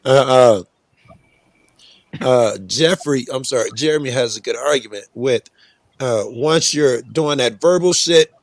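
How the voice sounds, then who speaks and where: A man stepping in as a referee on a live podcast, halting and placating, full of fillers. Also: mid-range voice, dry recording. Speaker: open podcast moderator. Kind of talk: casual live podcast chat.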